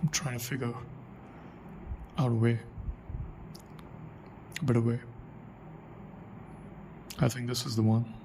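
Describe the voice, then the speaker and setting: Here the accent practice vlogger, a young man, talks slowly and pauses often, his warm mid-range voice showing little pitch movement. He muses casually to himself, repeating phrases as he tests a way of speaking. Audio quality is poor, with slight background noise.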